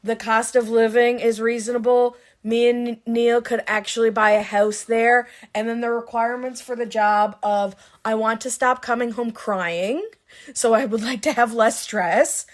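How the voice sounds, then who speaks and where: A Canadian woman co-hosting a podcast in casual chat, chatty and excitable, quick to gasp and laugh. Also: on the high side. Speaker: podcast co-host.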